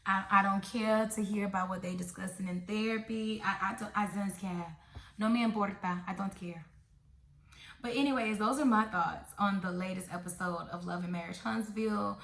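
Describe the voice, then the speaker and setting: A woman's voice: medium pitch, steady tone, moderate pace, vocal fry, a bit bright, a little hiss or hum. A woman giving a blunt, sassy recap of a reality show, talking straight to her viewers. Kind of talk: casual opinionated show review. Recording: echoey room.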